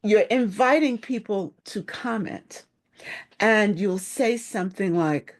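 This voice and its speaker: A woman leadership coach giving a live-stream talk, speaking slowly and deliberately with planned pauses. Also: medium pitch.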